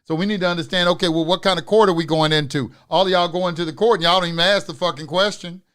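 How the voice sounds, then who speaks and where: High-voiced man ranting in a live class. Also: fairly even intonation, very fast, clear, resonant tone. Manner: profane, preachy, swings from loud ranting to muttering. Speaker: instructor of an online class. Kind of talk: live online lecture.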